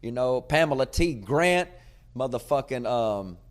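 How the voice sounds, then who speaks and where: A man hosting his own podcast as a comedian, rambling in a profane, casual way and sometimes breaking into loud shouting. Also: mid-range voice, lively intonation, measured pace, a little hiss or hum. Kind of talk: casual chat.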